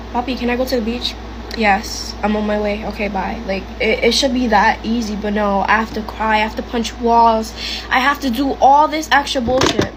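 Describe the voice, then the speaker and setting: A teenage girl vents while doing her makeup in a get-ready-with-me vlog, sometimes keeping her voice down. Her voice sits fairly high. Noticeable noise runs behind her. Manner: venting, talks quietly at times.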